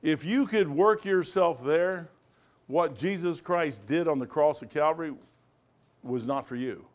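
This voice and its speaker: Male pastor, slightly high voice, emphatic, folksy, Bible study preaching. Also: a little slow.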